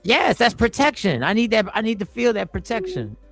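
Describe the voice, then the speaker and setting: A man hosting a casual group chat on a livestream, animated and joking, swearing freely. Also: high-pitched, brisk, soft background music. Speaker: host.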